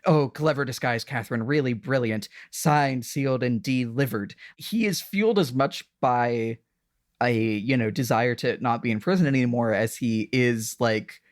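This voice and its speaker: A woman's voice: very deep voice, normal speed, no echo. Laughing woman podcast co-host, dry sound. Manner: animated, laughing, swearing, lots of fillers. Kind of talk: casual chat recapping a TV episode.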